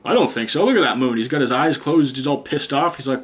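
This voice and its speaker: A man's voice: medium pitch, animated, quick pace, hardly any pauses. A man giving a casual pick-a-card tarot reading, blunt and chatty, swearing freely and drifting into rants. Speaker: tarot reader and teacher.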